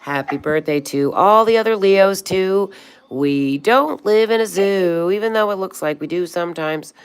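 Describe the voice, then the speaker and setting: A woman's voice: mid-range voice, normal speed, slight background noise. A woman in her sixties hosting a casual livestream, chatting with viewers and calling them honey and sweetheart, with a swear here and there. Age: 60s. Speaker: livestream host. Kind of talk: casual livestream chat reading comments.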